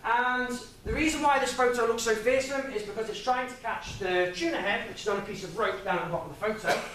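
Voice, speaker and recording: Young male speaker, light and high, jokey and chatty; distant mic with faint room noise. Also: fast, a bit bright, heavy reverb. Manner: chatty, jokey, laughs at own stories. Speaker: guest speaker. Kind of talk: informal public talk. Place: lecture room with audience.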